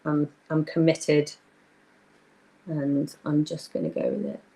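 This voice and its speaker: A woman's voice: low voice, big pitch swings, takes it slowly, warm tone. A young woman hosting a live craft workshop, chatting casually and greeting viewers by name while she works.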